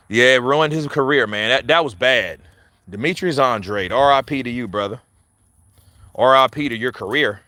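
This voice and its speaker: A male boxing commentator chatting casually, animated and profane, laughing often and addressing his viewers directly. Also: mid-range voice, normal speed, no echo. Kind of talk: casual chat.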